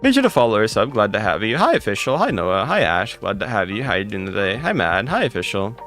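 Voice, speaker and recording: A man's voice: on the low side, sing-song, fast talker, a bit bright, soft background music. A man streaming a game live, greeting chat viewers by name one after another and answering their questions with blunt, sarcastic asides.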